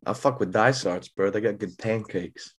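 A man's voice: fairly low pitch, moderate pace, breathy edge. A man hosting a casual podcast, easygoing and joking, with plenty of slang. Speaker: podcast host. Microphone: camera mic.

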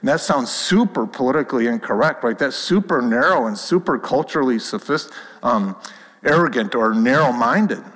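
A man delivers a sermon in an earnest, conversational way, circling back and restarting as he presses his point. His voice sits at an ordinary middle pitch. The sound carries a long reverb, as in a church hall. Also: lively intonation, normal speed, fairly bright tone. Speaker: pastor.

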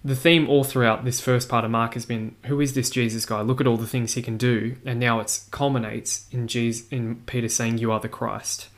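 A man gives a Bible study lesson in an even, mid-range voice. He goes through the passage verse by verse and explains each point for his listeners. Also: medium pitch, a little fast, few pauses. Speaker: Bible teacher.

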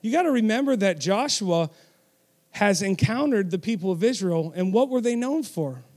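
A man's voice: high-pitched, expressive, normal speed, a little mellow. A man preaching a sermon, emphatic and direct, with self-deprecating asides and call-and-response with the congregation.

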